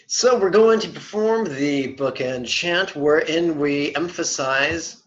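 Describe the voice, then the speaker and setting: A man teaching meditation in an online lesson, speaking deliberately and dropping in playful, wry asides. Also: on the high side, fairly bright tone. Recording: dull lo-fi webinar audio.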